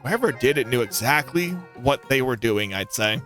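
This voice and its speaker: A let's-play streamer voicing a gruff, grim older village man in a story game, over faint music. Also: medium pitch, lively intonation, normal speed, a bit bright, lightly acted.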